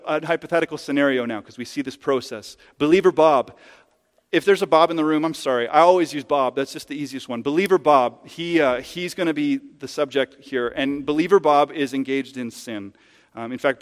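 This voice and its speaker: A man's voice: medium pitch, brisk, big-room sound. A man preaching a sermon as pastor in a conversational, emphatic way, using hypothetical examples. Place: church sanctuary.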